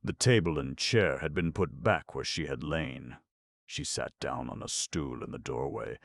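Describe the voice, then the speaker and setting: A man reading a novel aloud as an audiobook narrator, in a measured, expressive manner. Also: very deep voice, creaky, no room sound. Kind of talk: scripted narration.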